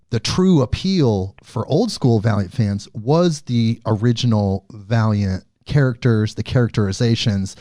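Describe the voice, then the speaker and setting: A man's voice: mid-range voice, warm tone, no echo, studio quality. A man hosting an interview podcast, asking long, detailed questions and adding his own commentary. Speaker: podcast host.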